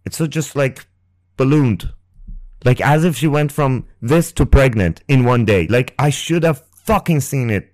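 A man hosting a podcast and telling a painful personal story. He speaks haltingly and emotionally, restarts often and swears, close to the mic. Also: mid-range voice, animated, darkish tone, dry recording. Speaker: podcast host. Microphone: close ASMR microphone.

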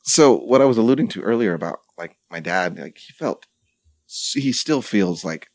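A man's voice: lowish voice, animated, moderate pace, no room sound. A young man hosting a podcast, telling a long personal story in casual chat and swearing freely. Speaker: podcast host.

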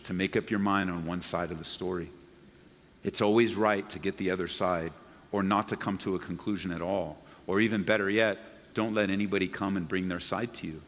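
A man's voice: deep voice, long reverb tail. A man preaching a sermon as pastor, emphatic, repeating key phrases and asking the congregation rhetorical questions. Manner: addresses the congregation directly.

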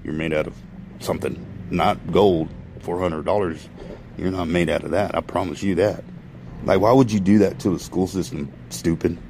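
A man's voice: low voice, steady tone, moderate pace, vocal fry, darkish tone, a little hiss or hum, low-quality recording. A man ranting in a profane, rambling monologue to his followers, often stopping to correct himself. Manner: profane, ranting, self-interrupting. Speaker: vlogger.

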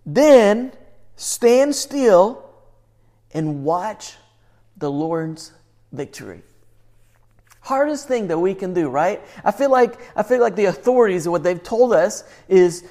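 Male pastor, sermon, lively outbursts then hushed and earnest. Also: high voice, takes it slowly, pauses often.

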